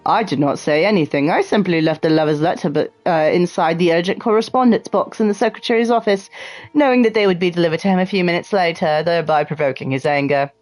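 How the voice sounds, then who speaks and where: A woman's voice: lowish voice, quick pace, a little mellow, no echo, faint music behind. A woman streamer reading game text aloud with dramatic flair, breaking off for sarcastic, profane asides.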